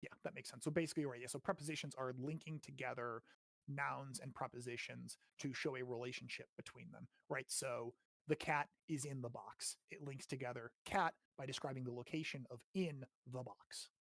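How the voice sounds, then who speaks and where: A man's voice: medium pitch, fairly even intonation, fairly quick, creaky, a bit bright, no echo, studio quality. Chatty American man explaining grammar. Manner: chatty and explanatory, with frequent "right?" checks and some swearing. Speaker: host teaching grammar. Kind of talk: casual spoken grammar lesson.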